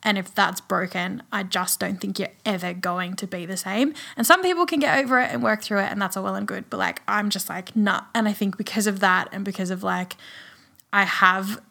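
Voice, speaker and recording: A woman's voice: mid-range voice, steady tone, fairly quick, vocal fry, pushed and bright. A young adult woman co-hosting a podcast in casual chat, saying "like" constantly. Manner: says "like" constantly. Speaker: podcast co-host.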